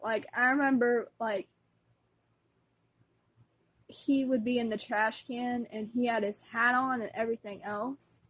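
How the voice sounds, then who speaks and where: A woman's voice: a little high, fairly even intonation, measured pace, long pauses, fairly bright tone. A woman vlogger chatting casually as a fan, giggly and rambling, with lots of fillers.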